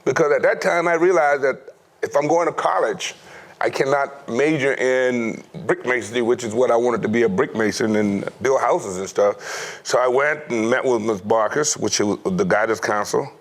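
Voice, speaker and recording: A middle-aged former pro football player telling stories from his youth in a lively way, laughing often. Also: mid-range voice, normal speed. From United States. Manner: animated storyteller, acts out quoted voices, laughs often. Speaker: former NFL player, guest. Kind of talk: storytelling interview.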